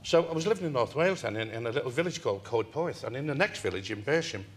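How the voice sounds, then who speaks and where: An older man from England, a talk-show guest telling a long story in an animated way and laughing through it. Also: mid-range voice, fast talker. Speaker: interview guest. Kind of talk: anecdotal storytelling.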